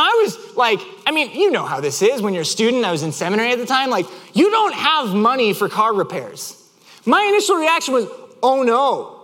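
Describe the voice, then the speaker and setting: A high-pitched man preaching to a congregation, an animated storyteller who acts out every quote. His voice rings out with a long reverb in a large church hall. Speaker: pastor. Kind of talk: sermon with personal stories.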